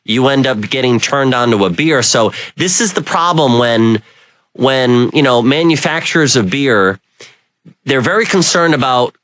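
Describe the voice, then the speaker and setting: Dry-voiced talk radio host, rambling. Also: male voice, medium pitch, lively intonation, a little slow, fairly bright tone, dry recording. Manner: rambling, anecdotal, many "you know" fillers. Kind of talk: casual radio chat. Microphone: studio microphone.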